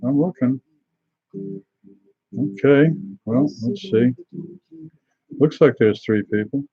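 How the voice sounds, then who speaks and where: A man's voice: medium pitch, breathy edge, dry recording, dull audio. Rambling man hosting a beer stream. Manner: rambling and halting, many fillers, greets viewers by name. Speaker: host of a live beer tasting stream. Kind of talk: casual live-stream chat.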